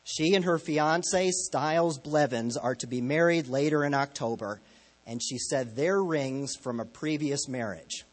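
A man's voice: on the high side, a little slow. A man preaching a sermon as a pastor, telling stories in a conversational, lightly humorous way.

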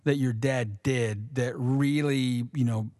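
A man's voice: mid-range voice, steady tone, slow pace, darkish tone, no echo, studio quality. A male host who interviews a guest and turns to speak directly to his listeners in a hearty way. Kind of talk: interview conversation.

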